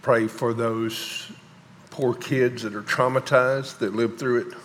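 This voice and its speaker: A man, a pastor speaking haltingly and emotionally to his congregation, often pausing and sighing. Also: mid-range voice, steady tone, slight background noise. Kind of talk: emotional sermon announcements. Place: large church sanctuary. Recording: long hall reverb.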